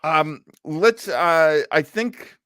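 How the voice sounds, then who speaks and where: A man co-hosting a casual review podcast, animated, his voice jumping high when he is surprised. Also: very slow, no room sound, studio quality. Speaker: podcast co-host.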